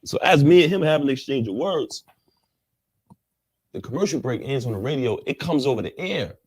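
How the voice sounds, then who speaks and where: A man's voice: animated, moderate pace, darkish tone, slightly rough, dry recording. A man telling his story as an interview guest, full of street slang and acting out the lines of the people in it. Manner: street slang, acts out quotes with jumps in pitch. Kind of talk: animated storytelling.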